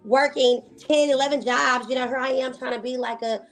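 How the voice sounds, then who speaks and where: A woman with a Texan accent from Dallas, talking in a sassy, playful, animated way in a casual interview. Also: high voice, a little fast, soft background music, rough recording. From Dallas, Texas. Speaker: interviewee, media personality.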